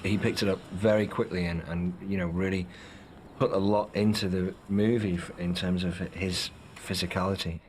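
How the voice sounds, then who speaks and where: A man's voice: sits low, little pitch movement, moderate pace, a little mellow, a little hiss or hum. A man actor in a documentary interview, telling anecdotes with some hesitation.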